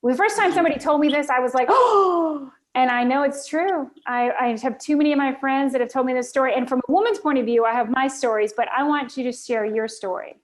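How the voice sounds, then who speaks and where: A woman's voice: high-pitched, quick pace, few pauses. An exuberant woman from the Florida Keys hosting a podcast interview, talking in an exclamatory, enthusiastic way. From United States (Florida Keys). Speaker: podcast host.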